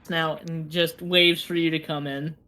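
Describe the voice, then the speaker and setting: Woman game master, lowish voice, chatty and halting narration. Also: level tone, bright, forceful tone.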